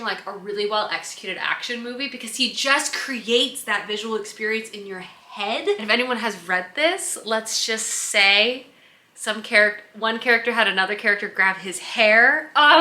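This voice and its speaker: A woman's voice: a little high, bright, forceful tone, echoey room, slight background noise. A woman book vlogger chatting casually at home, enthusiastic and full of "like" fillers. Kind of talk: casual vlog chat. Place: home under construction, indoors.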